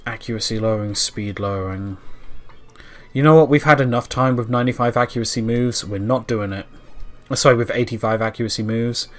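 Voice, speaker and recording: A man's voice: medium pitch, fairly quick, a bit bright, faint music behind. A young man with a dry mouth, casually chatting through a video game playthrough, sometimes talking back to the game. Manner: chatty, self-deprecating, talks to the game. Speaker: let's-play host. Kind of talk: casual gameplay commentary.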